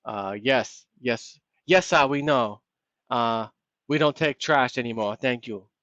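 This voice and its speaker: A man's voice: mid-range voice, slow, fairly bright tone, dry recording. A man putting on a condescending currency exchange clerk turning a customer away. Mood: dismissive. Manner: curt, condescending. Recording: dull, lo-fi, dry.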